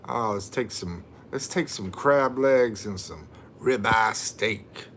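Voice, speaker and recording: This middle-aged host from the USA reads out viewer comments on his livestream and jokes around in a relaxed chat. He speaks slowly in a fairly low, slightly bright voice, and there's a little background noise.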